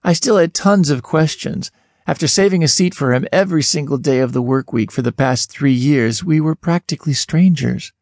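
Narrating an audiobook in the first person, a man reads expressively at normal speed, his pitch jumping sharply on questions. He's recorded close in a studio booth with no room sound.

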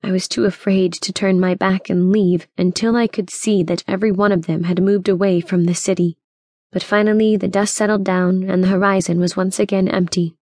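Female first-person audiobook narrator, steady and even, close dry mic. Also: mid-range voice, a little fast, no echo. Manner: steady storytelling, voicing characters.

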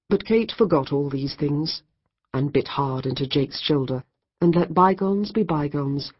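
A woman narrating a comic novel in a wry, measured storytelling manner. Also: low-pitched, breathy edge, muffled recording. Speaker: audiobook narrator. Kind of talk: scripted narration.

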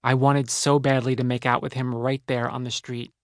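A man's voice: mid-range voice, little pitch movement, normal speed, no room sound. A man narrating his own memoir in a wry, conversational storytelling manner, close to the mic in a recording booth. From New Jersey. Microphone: close studio mic.

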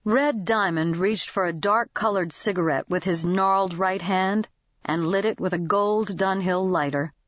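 A woman narrating a novel as an audiobook reader, in even, scripted storytelling. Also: medium pitch, a little slow, no room sound, muffled recording.

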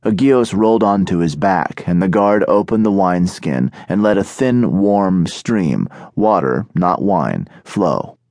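A man narrating an audiobook in a steady, measured storytelling manner, recorded on a studio microphone. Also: sits low, no echo. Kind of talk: scripted narration.

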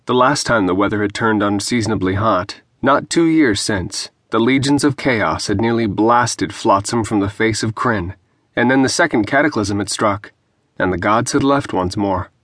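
A man narrating a fantasy novel in a measured, even storytelling manner on a close studio mic. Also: on the low side, no room sound. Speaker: audiobook narrator. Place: dry recording booth.

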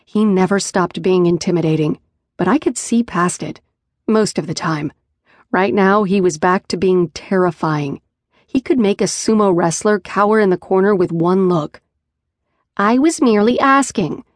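A woman narrating a first-person audiobook in a measured, even storytelling manner. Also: on the low side, no room sound, studio quality. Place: studio booth. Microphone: close studio mic.

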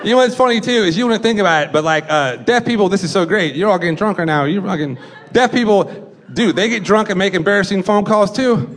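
This time the same high-voiced young comedian talks fast with lively intonation, still rambling, swearing and cracking himself up. Crowd laughter and chatter fill the live club recording from the stage.

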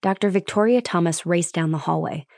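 A woman with a lowish voice reads a suspense audiobook in a steady, measured way. The recording is close and very dry, with no room sound at all. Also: gravelly, no echo. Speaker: audiobook narrator. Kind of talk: scripted narration.

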